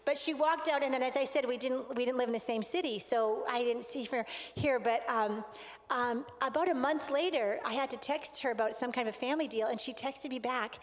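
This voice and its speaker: A woman with a high voice tells a personal story from the stage in an earnest, animated sermon style. Her voice carries with a long reverb through a large hall. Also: brisk. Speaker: speaker at a relationship conference.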